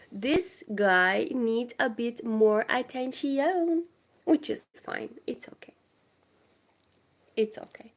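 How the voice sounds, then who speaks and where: A young woman with a cold, chatting casually with viewers of her crochet livestream from home. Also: fairly high pitch. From Moldova. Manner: chatty, distracted, greets viewers. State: has a cold. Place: home indoors.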